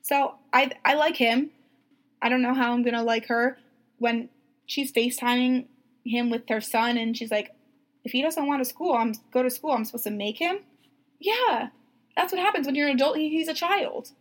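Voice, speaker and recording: A young woman co-hosting a podcast in casual chat, animated, acting out quotes and laughing a lot. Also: high voice, normal speed. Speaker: podcast co-host.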